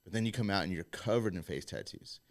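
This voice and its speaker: A man's voice: sits low, animated, fast. A man who hires workers, speaking bluntly and emphatically in casual podcast chat. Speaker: employer.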